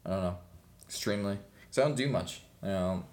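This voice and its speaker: A man's voice: deep voice, fairly quick, a little mellow. A young man chatting casually as a podcast co-host, rambling with lots of fillers and frequent laughs. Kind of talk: casual chat.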